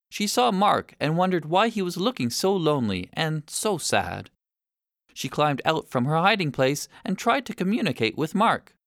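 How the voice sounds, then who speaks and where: A narrator reading a children's story aloud in a clear, steady, expressive way. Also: medium pitch, dry recording, studio quality.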